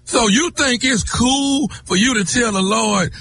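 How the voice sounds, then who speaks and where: A man's voice: extremely high pitch, unhurried, bright, forceful tone, a little hiss or hum. A man on a radio morning show making a prank call, mock-offended and teasing.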